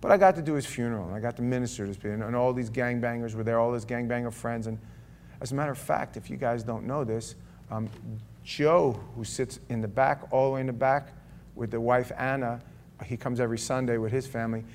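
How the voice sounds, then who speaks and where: A man's voice: mid-range voice, fairly even intonation, fast talker, a little mellow, a little hiss or hum. Guy preaching in church, mid voice, chatty and emotional, lots of restarts. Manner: conversational, emotional, frequent restarts. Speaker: pastor. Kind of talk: sermon testimony.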